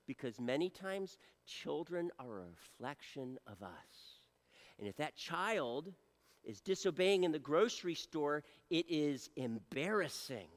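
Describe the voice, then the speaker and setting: Earnest pastor with a lively, high voice. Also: male voice, unhurried, big-room sound. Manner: earnest preaching, swings from loud appeals to soft near-whispers. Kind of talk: sermon. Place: church.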